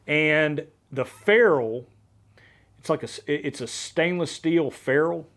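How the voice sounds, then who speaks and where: Animated male podcast host telling a story. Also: on the high side, unhurried. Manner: energetic, animated storyteller with frequent restarts. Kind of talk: casual storytelling chat.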